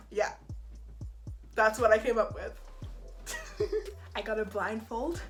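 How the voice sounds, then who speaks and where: A bubbly woman talks casually to her camera about books, laughing often between sentences. Her voice sits a little high. Faint music plays in the background. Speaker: book vlogger.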